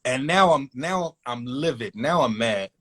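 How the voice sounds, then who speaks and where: A man telling a long personal story in a casual, animated way, acting out voices in quotes. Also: mid-range voice, a little slow.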